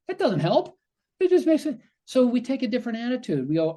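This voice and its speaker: Speaking as a physician guest, a man with a mellow, slightly husky voice explains things conversationally, dropping into quoted asides that voice what the brain might be thinking. His voice is high and sing-song, and he talks fast.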